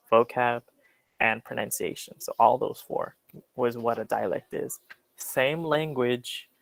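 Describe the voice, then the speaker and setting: A man with a General American accent, teaching an English class in a relaxed, explanatory way with many fillers. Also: mid-range voice, creaky, dry recording, poor audio. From Western United States. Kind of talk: classroom lecture.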